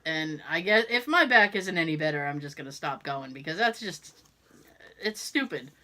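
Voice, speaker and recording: A woman's voice: deep voice, expressive, moderate pace, pushed and bright. A woman co-hosting a podcast, telling a story in casual chat, swearing freely and laughing as she goes. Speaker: podcast co-host.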